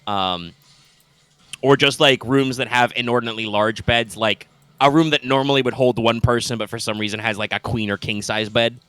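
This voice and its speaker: A man's voice: mid-range voice, moderate pace, a bit bright, clear, resonant tone, no room sound. A man narrating a tabletop game as game master, describing scenes loosely with lots of fillers.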